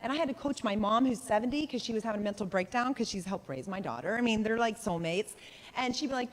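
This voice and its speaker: A woman's voice: fairly high pitch, expressive, fast. A woman in her forties teaching a live sales workshop, chatty and full of questions for the room, often acting out quoted voices. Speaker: sales trainer. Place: conference room with a live audience. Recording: reverberant training room.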